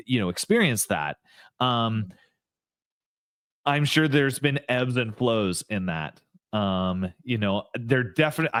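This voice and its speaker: Male podcast host, mid pitch, earnest and measured, close dry recording. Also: a bit bright, no room sound. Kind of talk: casual interview chat.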